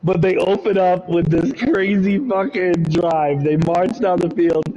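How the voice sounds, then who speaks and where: A man in casual sports chat, excitable and swearing, laughing easily. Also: high-pitched, a little slow, lo-fi sound.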